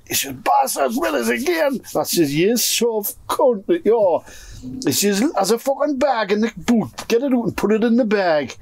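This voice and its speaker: A Geordie man from North East England spins a long yarn for his mates in a pigeon loft, swearing nonstop and acting out everyone's lines. He's a pigeon fancier chatting casually, and his voice sits high and slightly mellow with no room sound.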